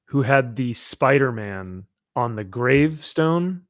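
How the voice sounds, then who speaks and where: A man hosting a casual comic-book chat podcast, animated and quick to laugh. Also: medium pitch, dry recording, studio quality. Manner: animated, laughs often, jokey asides. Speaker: podcast host.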